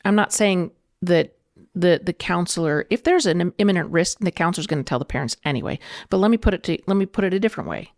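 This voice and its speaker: A middle-aged woman, a podcast guest, arguing her position in an earnest, measured way. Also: lowish voice, lively intonation, a little mellow, no echo, studio quality. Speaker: guest, political candidate. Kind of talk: debate in a podcast interview.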